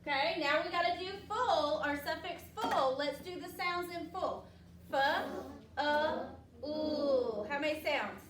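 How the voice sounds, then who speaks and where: A woman teacher leading a classroom phonics lesson, upbeat and patient, drawing words out slowly for the children. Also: extremely high pitch, lively intonation, noisy background. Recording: echoey classroom from far off.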